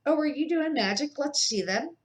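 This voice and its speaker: A woman's voice: sits high, expressive, voice pushed up. Grandma doing Hermione, bossy know-it-all girl. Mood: bossy eager. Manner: quick, eager, bossy chatter. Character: bossy, know-it-all schoolgirl witch, eleven.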